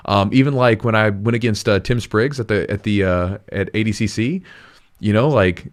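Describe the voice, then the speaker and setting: A man's voice: fairly low pitch, normal speed. A man hosting a jiu-jitsu podcast, talking in an earnest, rambling way with frequent restarts. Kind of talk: casual podcast chat.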